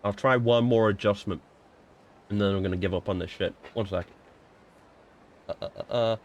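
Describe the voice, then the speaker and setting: A man's voice: lowish voice, fairly even intonation, normal speed, lo-fi sound, slight background noise. A young man streaming a game, rambling and swearing in a self-mocking, casual commentary.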